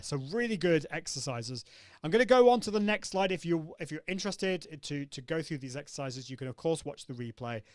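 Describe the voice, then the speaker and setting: A man's voice: on the high side, no room sound, clean studio sound. A man hosting a live online coaching session, upbeat and demonstrative, acting out vocal exercises as he explains them. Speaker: host.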